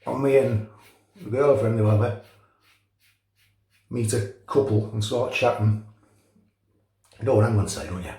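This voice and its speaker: A man's voice: on the low side, a little slow, pauses often, warm tone. A middle-aged man from North West England with a Liverpool accent, chatting and joking casually while he shaves. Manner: chatty, jokey storytelling with chuckles. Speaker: shaving channel host. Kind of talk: casual chat while shaving. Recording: echoey room.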